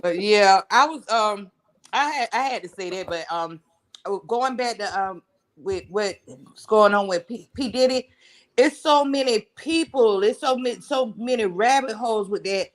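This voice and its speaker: A woman in casual chat who rambles and fills pauses with um. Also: medium pitch, expressive. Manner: rambling, full of fillers.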